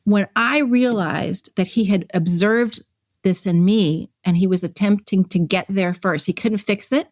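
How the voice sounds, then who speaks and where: A woman's voice: medium pitch, measured pace, a little mellow, no echo, studio quality. A woman speaking as a guest on an interview podcast, reflective and emotional, often restarting her sentences as she searches for words. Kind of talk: candid conversational interview.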